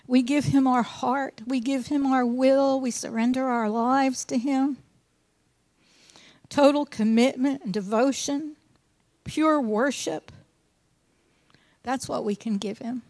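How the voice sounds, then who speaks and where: A woman's voice: high voice, a little mellow, no echo. A woman teaching a sermon, reading scripture with emphasis and mixing in earnest, folksy asides. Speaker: Bible teacher.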